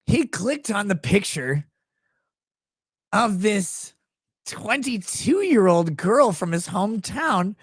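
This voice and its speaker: Lively, sarcastic man telling a crude story. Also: high-pitched, takes it slowly, long pauses, husky, no echo, clean studio sound. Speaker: lawyer and livestream host. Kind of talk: casual livestream storytelling.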